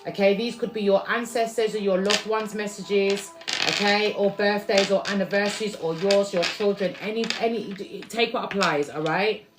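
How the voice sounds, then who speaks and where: A woman's voice: mid-range voice, normal speed, noisy background. A woman giving a casual, rambling live tarot reading to her viewers, repeating herself and restarting her words as she goes. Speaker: tarot reader.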